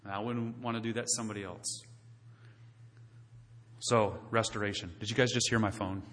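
A man preaching from the pulpit with a bright, forceful voice that rings out into a long, echoing church hall. His delivery is conversational, full of restarts and direct questions to the people in the pews. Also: on the low side, fairly even intonation, fairly quick. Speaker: pastor. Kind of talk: sermon.

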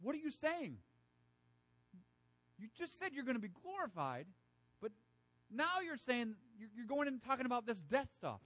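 A man voicing an eager, hopeful onlooker in a crowd, calling out high and loud. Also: sing-song, normal speed, pauses often, dry recording, exaggerated voice. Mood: baffled.

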